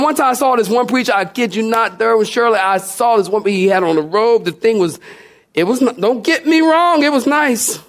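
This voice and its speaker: High-voiced man preaching with humor. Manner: animated, humorous storytelling with questions to the congregation. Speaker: pastor. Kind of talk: sermon. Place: church before a congregation.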